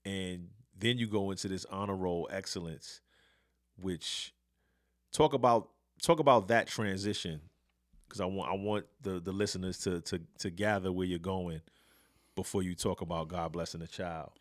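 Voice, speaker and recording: Host, male, very low voice, dry close sound, reads lines and reacts. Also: steady tone, moderate pace, no echo. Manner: reads lyrics aloud and praises them. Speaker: podcast host. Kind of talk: casual interview conversation.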